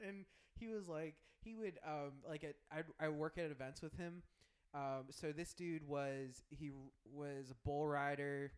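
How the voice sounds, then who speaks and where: A man's voice: on the high side, steady tone, measured pace. A man hosting a podcast, telling rambling stories in casual chat and laughing often. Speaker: podcast host.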